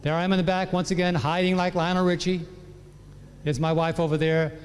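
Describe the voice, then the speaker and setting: A pastor with a high-pitched voice speaks briskly, giving a sermon-style personal testimony in a large, echoey hall where his slightly raised voice echoes long. He tells the story with lots of animation, acting out his relatives' lines.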